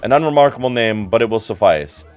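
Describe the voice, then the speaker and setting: Man reading as a haughty male investigator, formal, superior, low voice, read aloud on stream. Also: animated, fast talker, smooth, soft background music, natural voice.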